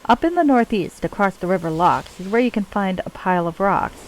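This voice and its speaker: A woman's voice: mid-range voice, expressive, a little fast, a little hiss or hum, natural voice, rough recording. Woman doing a mad rhyming cultist man. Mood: sing-song. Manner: speaks in singsong rhymes with broken grammar. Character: mad rhyming male cultist, broken grammar.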